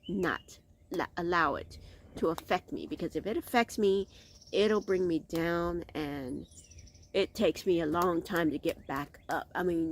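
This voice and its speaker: A woman's voice: lowish voice, a little hiss or hum. A middle-aged woman hosting a casual vlog outdoors, talking candidly and rambling, often restarting her thoughts. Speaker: vlog host. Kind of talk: casual reflective vlog monologue.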